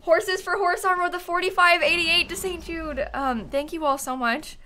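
A woman streaming a video game live, muttering softly to herself, then shrieking and laughing when things go wrong. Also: very high voice, normal speed. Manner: excitable, shrieks and laughs at setbacks. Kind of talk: live gameplay commentary.

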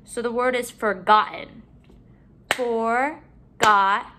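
A woman teaching a phonics lesson to young children at home, drawing out each word slowly and clearly. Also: on the high side, big pitch swings, noisy background. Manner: slow, drawn-out modeling of words, bright sing-song emphasis.

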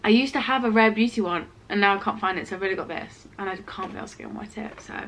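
A woman in her twenties chatting casually for her vlog in her student flat, full of "like" fillers, her throat a little rough from a cold. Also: mid-range voice, fast talker, a little hiss or hum. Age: 20s. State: slightly ill, throat rough. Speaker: vlogger.

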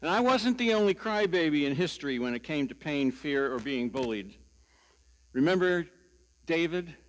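An older man preaching a sermon as pastor, telling stories slowly and deliberately with a wry sense of humor. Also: fairly high pitch, expressive.

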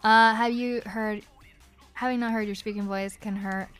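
A woman's voice: fairly high pitch, fairly even intonation, moderate pace, fairly bright tone, clear, resonant tone, faint music behind. A young woman from Northern Ireland with an Irish-transatlantic accent, chatting giggly and effusively as a voice actress answering fan questions. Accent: Irish-transatlantic mix. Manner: giggly, effusive, rambling with many fillers. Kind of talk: casual livestream Q&A.

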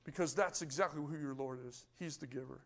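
High-voiced emphatic male preacher. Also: a little fast. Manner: emphatic preaching that rises and falls, with rhetorical questions to the congregation. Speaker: pastor. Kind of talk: sermon.

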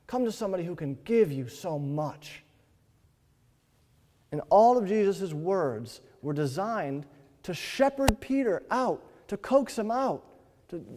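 A male pastor with a high voice delivers a sermon in a relaxed, conversational storytelling style. His words ring out into a sanctuary with a long reverb tail, and his emphasis swells in waves. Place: church sanctuary.

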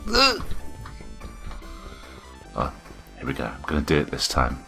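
A man with a very low, deep voice gives casual play-along commentary on indie games, chatting to himself between attempts. He reads the game's story text out loud, trips over words and corrects himself. Music plays clearly underneath. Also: huge pitch swings, unhurried, pauses often. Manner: chatty, reads on-screen text aloud with stumbles. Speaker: game reviewer. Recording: background music clearly audible.

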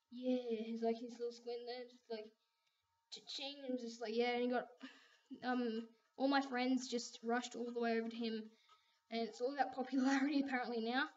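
A young girl tells her life story while drawing, rambling and full of fillers. Her voice sits high and bright in pitch. She sounds a little away from the mic, on a dull, lo-fi home recording. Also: far from the mic. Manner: chatty, rambling, many fillers and restarts. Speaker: vlogger. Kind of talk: casual draw-my-life narration.

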